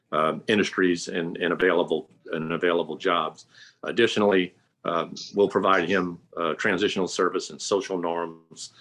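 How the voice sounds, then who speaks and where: A man with a Louisiana accent giving a formal, businesslike statement at a hearing. His voice is very deep and stays flat, moving at a measured pace with plenty of fillers. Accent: Southern US, Louisiana. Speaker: reentry program representative.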